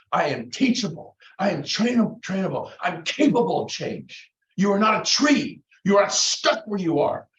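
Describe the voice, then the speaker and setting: A middle-aged man giving a lively motivational talk to real estate agents, acting out quotes in different voices. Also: medium pitch, slight background noise. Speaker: motivational speaker. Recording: roomy, dull lo-fi room recording.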